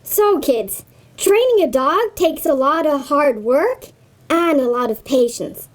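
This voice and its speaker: A woman hosting a children's show, talking gently and patiently to kids at home and giving simple commands to her dog. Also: high-pitched, lively intonation, takes it slowly, slight background noise. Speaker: kids' show host teaching dog tricks.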